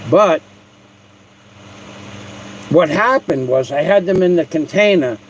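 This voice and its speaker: A man's voice: a little high, expressive, slow, muffled recording, a little hiss or hum. A man hosting a livestream at home, talking in a mocking, profane, rambling way with restarts. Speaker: livestream host. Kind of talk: casual livestream rant.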